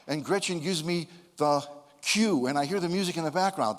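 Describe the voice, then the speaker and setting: A man's voice: on the high side, a little fast. An older man giving a motivational talk, telling stories in a playful, self-deprecating, humorous way. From United States (Connecticut). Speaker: speaker. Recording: long hall reverb.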